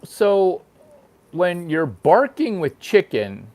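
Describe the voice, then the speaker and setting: A man's voice: a little high, very animated, takes it slowly. A man hosting his own show, delivering a crude, rambling comedic monologue that repeats itself. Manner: crude, provocative, repeats himself. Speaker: host. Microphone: single microphone, no sound effects.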